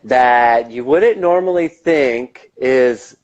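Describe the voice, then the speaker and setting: Male guest from the United States, mid-pitched, loose and enthusiastic, muffled lo-fi sound. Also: slow, darkish tone. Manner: rambling, enthusiastic, casual swearing. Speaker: interview guest. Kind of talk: casual interview.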